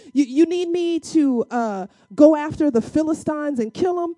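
A woman delivering a sermon with a warm, mellow voice pitched a little high. She preaches conversationally and emphatically, slipping into casual acted-out dialogue and landing points with dramatic pauses. The sound is close and dry. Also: dry recording. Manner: acts out biblical dialogue in casual speech.

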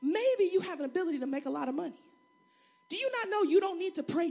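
A woman pastor preaching a sermon, acting out voices in her stories and building to shouts. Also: very high voice, expressive, fast talker, gravelly.

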